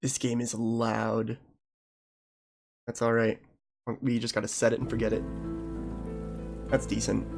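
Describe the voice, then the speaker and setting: A man giving relaxed let's-play commentary, chuckling and reading dialogue aloud. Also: medium pitch, measured pace, creaky, long pauses, music in the background. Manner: laid-back, chuckling, reads dialogue aloud. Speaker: streamer.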